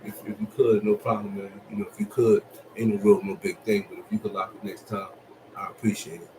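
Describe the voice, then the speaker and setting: A man voicing a polite, apologetic male roommate asking a favor softly and hesitantly. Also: fairly low pitch, little pitch movement, a little fast, background noise, lightly acted. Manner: soft, hesitant, deferential.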